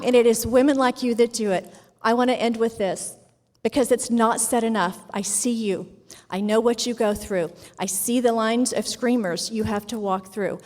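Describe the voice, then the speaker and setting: A woman speaking from a ballroom stage, her fairly high voice ringing with a long hall reverb. She talks in an earnest, encouraging way, full of faith. Her speech builds to rallying lines and then settles to a warm thank-you. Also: fairly even intonation, moderate pace. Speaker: sponsor representative speaking at a summit. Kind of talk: motivational speech.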